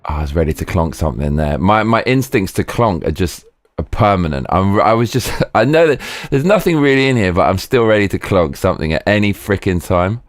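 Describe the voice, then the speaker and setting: A deep-voiced man commentates live on a horror game, excitable and foul-mouthed. His pitch swings wildly, and he breaks into sudden high-pitched yelps. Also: a little fast, no room sound. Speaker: game streamer.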